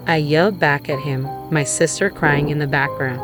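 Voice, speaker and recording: Woman, low voice, measured grave narration, music underneath. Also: fairly even intonation. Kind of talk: scripted first-person drama narration.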